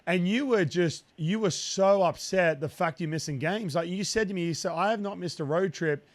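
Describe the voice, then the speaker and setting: The speaker is an Australian podcast host and broadcaster in his thirties, enthusiastically chatting in a casual interview and restarting often. He speaks at a moderate pace in a voice that sits high.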